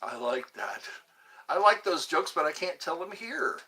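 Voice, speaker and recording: A man's voice: on the high side, very animated, measured pace, sharp tone, slightly rough. A man hosting a live stream, chatting casually and reading viewer comments, often stumbling and repeating words. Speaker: livestream host.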